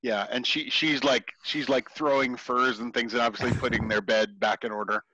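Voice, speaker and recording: Brief: a man as game master, improvised halting narration, dry close sound. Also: mid-range voice, steady tone, sharp tone, slightly rough, dry recording, dull audio. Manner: halting, full of ums and restarts.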